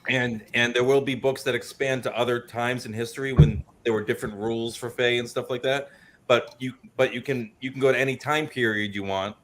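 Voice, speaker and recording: A man's voice: medium pitch, fairly even intonation, brisk, a bit bright, a little hiss or hum. A man who created a tabletop game explains it at a convention panel, talkative and full of restarts, with a recurring cough. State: coughing, slightly choked up. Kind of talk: casual convention panel chat.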